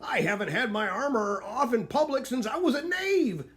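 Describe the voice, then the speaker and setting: A man's voice: very high voice, lively intonation, normal speed, a bit bright, voice pushed up. A man voicing a grumpy, blustering knight uncle who barks and exclaims.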